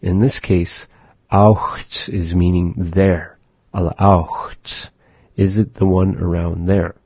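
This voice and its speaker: A man teaching his people's language, going slowly and patiently, with many pauses, and repeating words for practice. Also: low-pitched, level tone, dark tone, slightly rough, dry recording. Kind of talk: pronunciation lesson.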